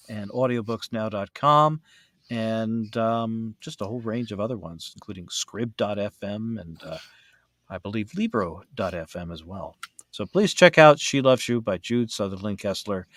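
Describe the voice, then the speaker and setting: A podcast host chats casually, rambling with many fillers and restarts. His mid-range voice comes through a dry, studio-quality recording.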